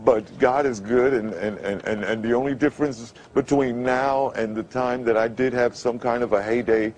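A man answering questions in a TV interview, emotional and halting, with many stammered restarts. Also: medium pitch, fairly even intonation, a little mellow. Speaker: interview guest.

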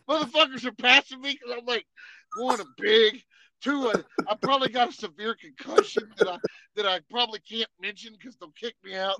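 A man co-hosting a podcast, telling animated, profane, laughing war stories in casual chat. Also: very high voice, brisk, vocal fry, no room sound, poor audio. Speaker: podcast co-host.

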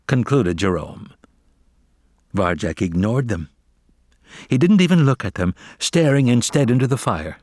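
A man reads a children's adventure aloud slowly, lingering over his words. His voice sits low but swoops widely in pitch as he builds tension. The recording is dry and close. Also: no room sound. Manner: expressive, animated reading. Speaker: narrator. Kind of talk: audiobook storytelling.

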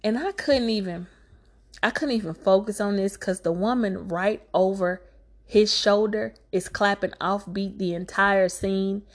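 A woman's voice: medium pitch, measured pace. A woman giving a casual movie recap, sassy and exasperated, talking back to the filmmaker.

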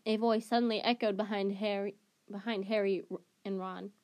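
A woman reads a children's novel aloud, narrating steadily at a middle pitch. She often trips over a word and restarts the phrase, like an amateur reader sharing chapters. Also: little pitch movement, normal speed, darkish tone. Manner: restarts and self-corrections. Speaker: storybook reader.

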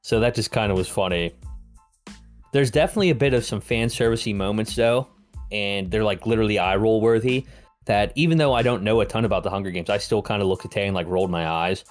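A man's voice: on the low side, fast, faint music behind. A man co-hosting a film review podcast, chatting casually with lots of fillers and the odd swear word. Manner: rambling, filler-heavy and profane. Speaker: podcast co-host reviewing films. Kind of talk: casual chat.

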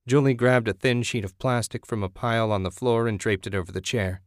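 A man narrating an audiobook in a steady, measured way. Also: medium pitch, no echo, studio quality.

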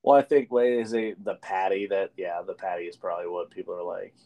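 A fairly low-voiced American man rattles off fight cards and game scores in loose, profane sports-show chat. He stumbles over names and laughs them off. The sound is dry and close, with no room around it. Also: fairly even intonation, fairly quick, warm tone, no room sound. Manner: casual, swears often, stumbles over names. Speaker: sports podcast co-host.

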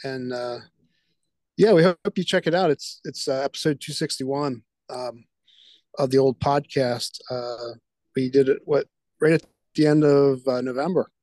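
A man co-hosting a podcast, relaxed and reflective in casual chat, with frequent fillers. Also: mid-range voice, measured pace, no echo. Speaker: podcast co-host.

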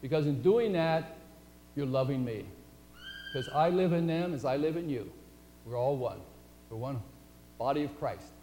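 A man preaching in a folksy, conversational way, telling stories to make his point. His voice is mellow and sits slightly high. It rings with a long hall reverb over a faint hum. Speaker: pastor. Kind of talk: sermon.

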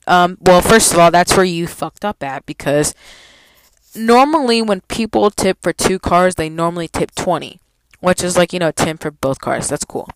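A woman's voice: lowish voice, no echo, poor audio. A young woman telling a story about her job in a casual, profane, exasperated rant. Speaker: vlogger.

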